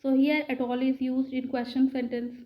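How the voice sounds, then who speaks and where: A woman teaching a grammar lesson, who talks slowly, repeats words and keeps asking her students questions. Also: high-pitched, little pitch movement, highs cut off. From India. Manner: slow, repeats words and asks the class questions. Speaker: English teacher.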